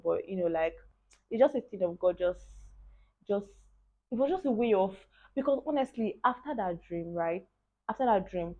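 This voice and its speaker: A Nigerian woman in her twenties with a Nigerian accent telling a personal story in a casual, animated way, often checking in with the viewer. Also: medium pitch, normal speed. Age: 20s. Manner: animated, talks straight to the viewer with repeated asides. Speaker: vlogger. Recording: tinny lo-fi phone-like audio.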